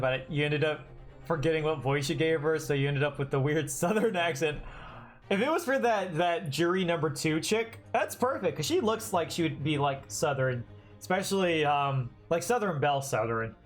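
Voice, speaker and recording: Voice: mid-range voice, lively intonation, moderate pace, faint music behind. A game streamer casually thinking aloud with hesitant, rambling commentary.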